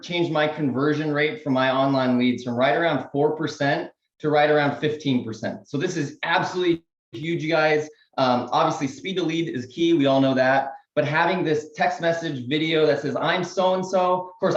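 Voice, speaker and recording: A man, a real estate agent on a panel, giving casual sales tips and acting out phone calls in quick voices. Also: fairly high pitch, reverberant, dull audio.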